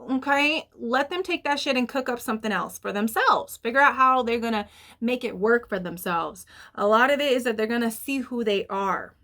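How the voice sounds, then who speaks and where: A woman's voice: a little high, moderate pace. Chatty young woman reading tarot. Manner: chatty, animated, frequent fillers and swearing, laughs at herself. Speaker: tarot reader. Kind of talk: casual tarot reading monologue.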